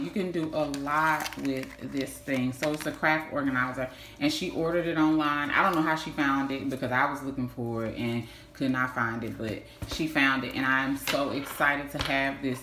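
A woman, chatting warmly in a casual vlog, gushing and repeating herself, saying y'all a lot. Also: deep voice. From Texas. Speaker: vlogger. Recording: echoey room with faint hiss.

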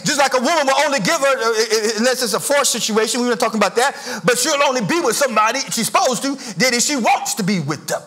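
A middle-aged male pastor, preaching a sermon with sing-song rises and shouted emphasis in a church. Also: very high-pitched, expressive, fast, few pauses. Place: church sanctuary.

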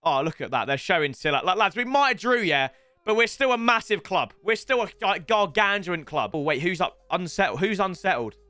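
Young gamer streamer, high bright voice, swooping pitch, loud banter over a football game, close dry mic. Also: male voice, brisk, dry recording. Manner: excitable, banter-filled and loud, swinging into mock impressions. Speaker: gaming streamer. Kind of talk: live game commentary.

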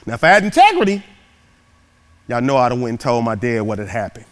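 A man giving a motivational speech through storytelling, animated and dramatic, swinging from loud peaks to hushed asides. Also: mid-range voice, fast. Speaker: motivational keynote speaker.

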